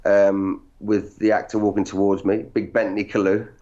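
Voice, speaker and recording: Low-voiced actor guest, muffled audio. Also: male voice, moderate pace. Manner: animated, self-deprecating storyteller. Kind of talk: casual interview chat. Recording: dull lo-fi audio.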